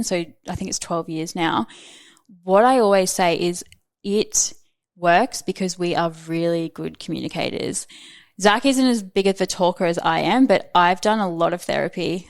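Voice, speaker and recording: A woman around thirty speaks as a podcast guest, candid and chatty, with plenty of "like" and "um" woven through her sentences. Her voice sits a little low for a woman. The recording is dry and close, with no room sound. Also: creaky, dry recording. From Australia. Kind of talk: casual interview chat.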